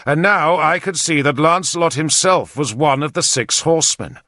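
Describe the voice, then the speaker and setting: A man narrating an audiobook in the first person, with expressive, lively storytelling on a close mic. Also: a little high, normal speed, dry recording.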